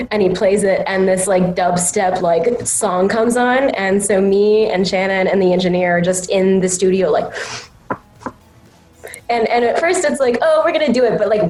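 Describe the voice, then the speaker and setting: A woman voice actor chatting casually in an interview, telling animated stories and slipping into the quoted voices. Her pitch sits in a middle range. The room adds a noticeable echo. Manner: animated storyteller, acts out quotes. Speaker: voice actor, guest.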